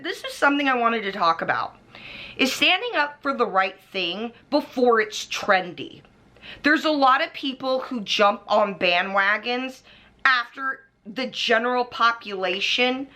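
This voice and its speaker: A woman's voice: fairly high pitch, sharp tone. A young woman vlogger ranting angrily to camera, swearing freely and calling people out by name. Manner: heated, profane, pointing at the camera. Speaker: beauty commentary vlogger. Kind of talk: angry rant to camera. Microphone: camera mic, facing the camera.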